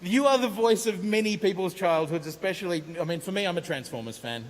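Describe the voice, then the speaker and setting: A man's voice: high voice, fairly quick. A man hosting a live convention panel, upbeat and repeating questions from the audience. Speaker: panel host. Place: large convention hall stage. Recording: convention hall reverb, faint hiss.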